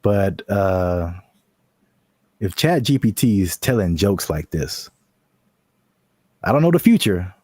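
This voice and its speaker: Animated male podcast co-host. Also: slow pace, long pauses, breathy edge, no room sound, studio quality. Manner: animated, joking, bursts into high shouted bits. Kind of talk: casual podcast chat.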